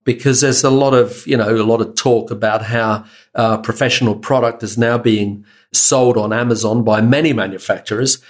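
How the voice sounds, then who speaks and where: Male podcast host, middle pitch. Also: fairly even intonation, normal speed. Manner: scripted intro, then loose chat with restarts. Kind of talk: podcast interview hosting.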